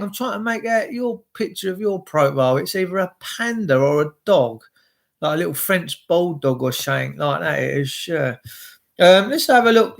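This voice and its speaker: High-voiced man rambling on a live stream. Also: gravelly, fairly bright tone. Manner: rambling, swearing, greets viewers by name. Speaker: livestream host.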